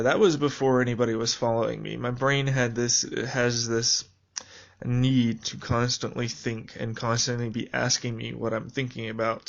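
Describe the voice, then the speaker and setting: A man's voice: medium pitch, vocal fry. Rambling man on a lo-fi recording. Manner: rambling, halting, many fillers. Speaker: video journal keeper. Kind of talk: reflective personal monologue.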